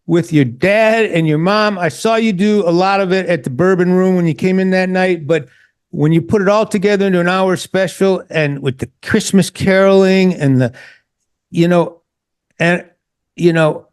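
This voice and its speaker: A man's voice: high-pitched, a little mellow. A man hosting a casual interview, talking with enthusiasm while stumbling and repeating words as he goes. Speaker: host.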